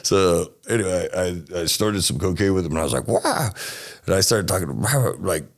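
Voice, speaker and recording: Animated low-voiced man telling stories. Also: a little fast, vocal fry. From United States. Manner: animated, acts out voices in his stories, laughs often. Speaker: guest. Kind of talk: casual storytelling.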